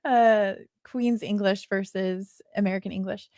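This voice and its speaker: A woman co-hosting a podcast in casual chat, chatty and quick to laugh. Her mid-range voice has a gravelly fry to it. The recording is dry and close. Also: medium pitch, steady tone, darkish tone, no echo. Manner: chatty, laughs often, lots of fillers. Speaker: podcast co-host.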